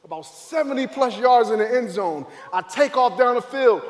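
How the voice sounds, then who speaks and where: A man, a former football player, giving an emotional faith testimony, dramatic and acting out moments as his voice swings between loud and hushed. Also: extremely high pitch, lively intonation, normal speed, few pauses, big-room sound.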